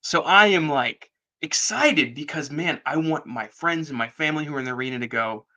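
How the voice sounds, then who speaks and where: A man's voice: on the high side, a little fast. A middle-aged man as a podcast guest, telling a long story with lots of acted-out dialogue. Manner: animated storyteller, acts out quoted dialogue. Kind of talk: casual storytelling interview.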